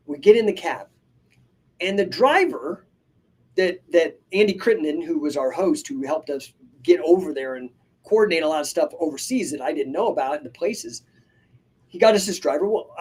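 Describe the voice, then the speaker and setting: A man's voice: a little high, husky. A man hosting a live podcast, telling stories energetically with many asides and casual swearing. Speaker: podcast host and coach. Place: live stream.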